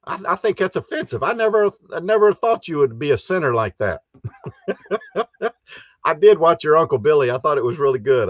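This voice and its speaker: A man's voice: on the high side, animated, normal speed, no room sound, muffled recording. Chatty man hosting a casual livestream. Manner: chatty, chuckles often, reads out viewer comments. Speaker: live stream host. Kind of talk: casual live stream chat. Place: inside a camper.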